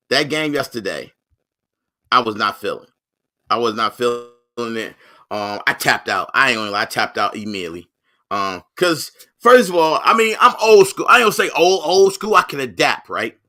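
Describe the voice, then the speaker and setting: A man's voice: fairly high pitch, sharp tone. A man hosting his own sports vlog, talking casually and energetically in slang and often repeating himself.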